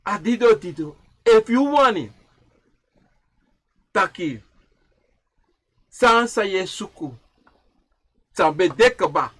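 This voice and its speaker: Animated man, high lively voice. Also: slow, long pauses, husky. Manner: repetitive, chanting phrases, swinging from loud to hushed. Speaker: livestream speaker.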